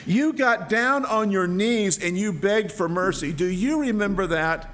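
A man voicing a stern, powerful king who demands his money, loud and emphatic. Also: sits high, animated, slow pace, gravelly, pitched above the performer's own voice, heavily acted.

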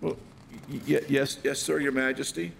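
A man's voice: mid-range voice, flat delivery, normal speed, vocal fry, slight background noise. A man voicing a frightened male servant in debt who stammers and pleads. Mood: stammering.

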